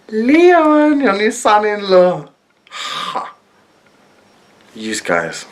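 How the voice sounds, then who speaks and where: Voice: mid-range voice, bright, forceful tone. A young adult telling a storytime vlog, acting out every quoted person. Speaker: vlogger.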